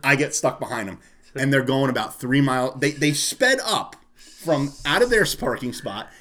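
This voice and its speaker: A man's voice: mid-range voice, normal speed. Cast a man with a mid-range voice to rant and swear through a story in casual conversation. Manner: profane, animated ranting. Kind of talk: casual chat.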